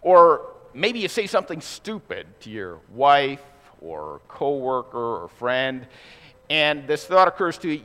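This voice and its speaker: A man preaching a sermon to his congregation, conversational and lively, asking the room rhetorical questions. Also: mid-range voice, measured pace, long reverb tail. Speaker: pastor.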